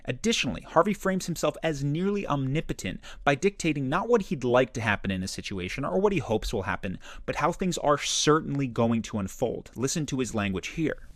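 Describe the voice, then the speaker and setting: A man's voice: medium pitch, fairly quick, hardly any pauses. A man narrating a self-improvement video in a scripted, analytical, explanatory way. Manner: explanatory, analytical, lively inflection.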